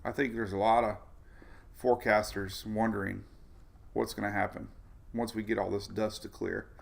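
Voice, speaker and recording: Chatty man with a gravelly voice. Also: lowish voice, little pitch movement, normal speed. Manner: rambling, chatty, drifts off topic; talks over weather maps on screen. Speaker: weather livestream host. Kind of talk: casual tropical weather briefing.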